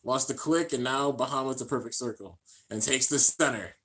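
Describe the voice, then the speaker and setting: A man giving excited, slangy play-by-play commentary while reacting to an anime, shouting out at the big moments. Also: mid-range voice, normal speed.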